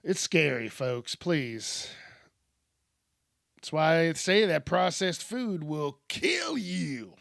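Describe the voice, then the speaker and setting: A man's voice: a little high, sing-song, takes it slowly, vocal fry, a bit bright, no echo, studio quality. A male podcast host riffing casually on news stories, joking and swearing freely. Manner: profane, joking, rhyming asides.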